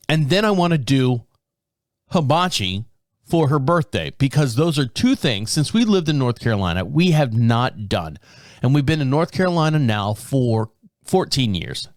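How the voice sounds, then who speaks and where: A man's voice: a little high, no echo, studio quality. A man in his fifties hosting a casual solo podcast, rambling and amused at himself, with a lot of chuckles and restarts. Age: 50s. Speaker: podcast host.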